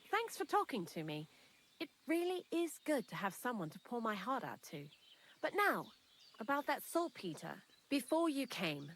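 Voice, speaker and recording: A woman's voice: mid-range voice, a little hiss or hum. A woman voicing a talkative young woman hiding out in a thieves' lair in a video game, candid and dryly morbid. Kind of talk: game character dialogue.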